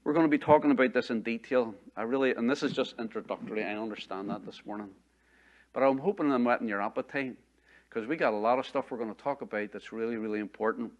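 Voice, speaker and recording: A man's voice: medium pitch, fast talker, lo-fi sound. A middle-aged man, preaching a sermon as pastor in a conversational way, repeating phrases and asking the congregation rhetorical questions.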